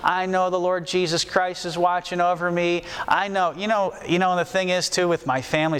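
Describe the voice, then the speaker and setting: A man preaches a sermon in a homespun, conversational way, often saying a phrase twice or three times to drive it home. His voice sits fairly high and sounds smooth and resonant. The long reverb of a church hall trails after his words. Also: flat delivery, fairly quick, few pauses, a bit bright. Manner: folksy, repeats phrases for emphasis.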